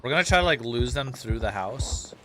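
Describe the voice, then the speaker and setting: A man streaming a game live, commenting as he plays, excitable and quick to swear in frantic reactions. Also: mid-range voice, heavy background noise. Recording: loud music under the voice.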